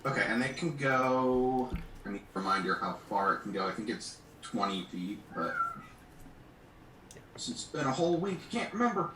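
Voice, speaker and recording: A man's voice: mid-range voice, very animated, moderate pace, long pauses, sharp tone, slight background noise. A man playing a tabletop game, working through his turn methodically and thinking aloud. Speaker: player. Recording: echoey room, far from the mic.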